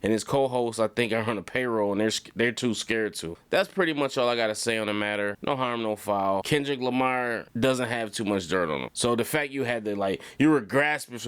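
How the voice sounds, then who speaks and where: A man giving blunt reaction commentary in a casual, conversational way. His voice is smooth and resonant, recorded close and dry. He often circles back and repeats a phrase to drive it home. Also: medium pitch, brisk, few pauses, fairly bright tone, no echo. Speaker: commentary channel host.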